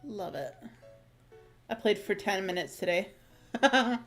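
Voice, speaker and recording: A woman's voice: mid-range voice, animated, takes it slowly, soft background music. A woman livestreaming a game, chatting casually, reacting aloud and laughing easily. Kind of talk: casual gameplay commentary.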